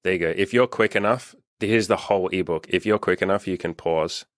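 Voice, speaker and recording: A man's voice: low voice, brisk, dry recording, clean studio sound. A young man who works as a dating coach, talking bluntly and swearing freely in a casual podcast chat, acting out quotes in a raised voice. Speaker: dating coach and channel host.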